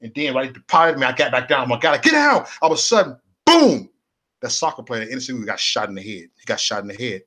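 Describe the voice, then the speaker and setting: A middle-aged man from Chicago tells his life story as a personal testimony, animated and repeating himself, acting out other people's voices. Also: mid-range voice, fast, hardly any pauses. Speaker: speaker sharing his testimony.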